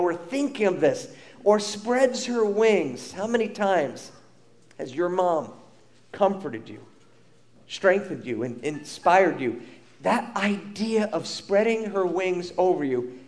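Middle-aged male pastor from Long Island, lively sermon delivery, pitched high for a man. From Long Island, New York. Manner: animated, emphatic preaching with bursts of loudness.

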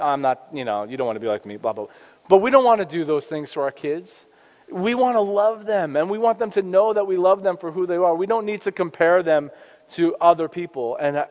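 A man in his thirties, a father who works in youth ministry, giving an earnest, conversational faith-based parenting talk with frequent restarts. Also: on the high side. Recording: dull lo-fi sound with long reverb.

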